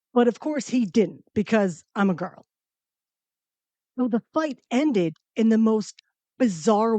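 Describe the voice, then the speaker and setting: A woman spinning a comedic story from her own life as host of her show. She delivers it profane and emphatic, in a mid-pitched voice. The sound is close and dry, with no room echo. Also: darkish tone. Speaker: podcast host.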